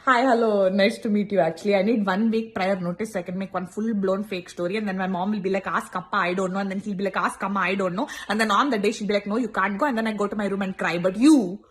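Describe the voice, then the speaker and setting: A young woman doing comic monologue sketches, sarcastic and animated, jumping into acted quotes. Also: mid-range voice, brisk. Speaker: comedy sketch creator.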